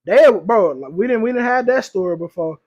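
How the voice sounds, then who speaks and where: Young man, very high voice, loose slangy podcast storyteller who laughs easily. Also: animated, a little fast, a little mellow, highs cut off. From Louisiana or Texas, US South. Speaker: podcast co-host. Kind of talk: casual podcast chat.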